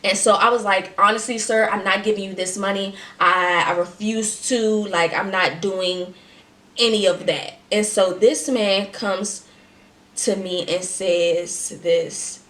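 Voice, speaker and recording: A woman's voice: medium pitch, measured pace. A woman telling a story to her camera in a loose, slangy way, leaning hard on her words. Her voice sits in the middle range. It rings a little, as if recorded in an echoey room. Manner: emphatic, slangy, animated retelling. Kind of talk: casual storytime chat.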